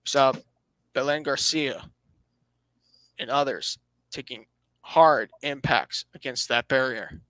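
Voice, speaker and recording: The host of a casual motorsport podcast reads the standings and shares dryly sarcastic opinions, often starting phrases over. He speaks at a medium pitch and slow pace with frequent pauses, sounding pushed and bright, in a dry, poor-quality recording.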